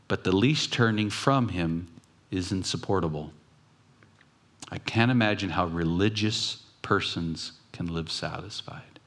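A pastor giving a conversational sermon, telling stories with pauses and restarts. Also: male voice, lowish voice.

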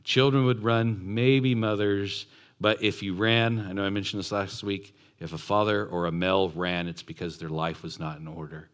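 A man's voice: low voice, steady tone, moderate pace. A man preaching a sermon who acts out the voices and asks his congregation questions. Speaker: pastor.

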